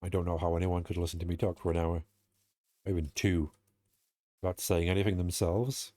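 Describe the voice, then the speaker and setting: Young British streamer, low voice, rambling and self-mocking chat, a bit sweary. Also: male voice, flat delivery, fairly quick, mellow, no echo, studio quality. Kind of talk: casual streaming chat while playing.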